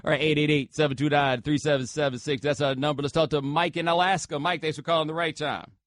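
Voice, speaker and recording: A man hosting sports talk radio at a studio microphone, his voice sitting a touch high for a man. He banters loosely with callers and drops slangy asides. The sound is dry and close. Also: little pitch movement, fast talker, dry recording. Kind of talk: casual talk radio, taking calls.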